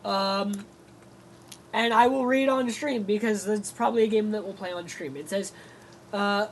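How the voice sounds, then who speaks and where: A man co-hosting a game stream, relaxed and thinking aloud as he plays. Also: sits high, measured pace, slight background noise, low-quality recording. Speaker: co-host. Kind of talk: casual gameplay stream chat.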